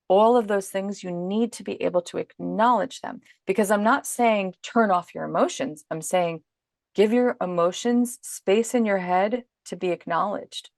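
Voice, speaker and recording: A woman parenting coach in a podcast interview, explaining calmly and acting out her own inner self-talk as examples. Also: mid-range voice, moderate pace, gravelly, no echo, clean studio sound.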